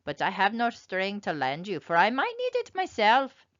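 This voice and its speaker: A woman's voice: mid-range voice, huge pitch swings, moderate pace, a bit bright, voice pushed up. Woman doing a timid stubborn young man. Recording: slightly dull lo-fi sound.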